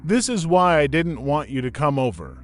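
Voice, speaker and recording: A man's voice: a little high, big pitch swings, moderate pace, slight background noise. A man reading the lines of a middle-aged mother who is in denial, speaking in an insistent, defensive way.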